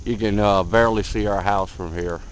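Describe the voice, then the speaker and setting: A man filming outdoors in a blizzard on a handheld camera, giving excited casual commentary, cold and a bit out of breath. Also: lowish voice, moderate pace, a little hiss or hum, poor audio. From Delaware, USA. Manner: excited, repeats himself, calls viewer man. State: out of breath, face numb from cold. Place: outdoors in a blizzard, wind and snow. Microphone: handheld camera mic.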